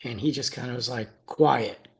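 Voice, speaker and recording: A man's voice: medium pitch, normal speed, gravelly. A young adult man, a podcast co-host, telling a story in casual chat, acting out quotes and laughing often.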